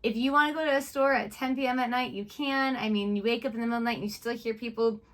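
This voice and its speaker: A woman's voice: on the high side, fairly even intonation, fast talker. A woman co-hosting a reaction video, chatting in a casual, playful way. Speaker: reaction channel co-host. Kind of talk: casual chat.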